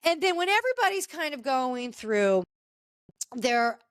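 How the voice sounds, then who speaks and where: Recapping a reality TV episode on her podcast, this woman chats freely, airs strong opinions, and addresses the cast members directly. She speaks high and smooth at an unhurried pace, her pitch swinging widely, with no echo.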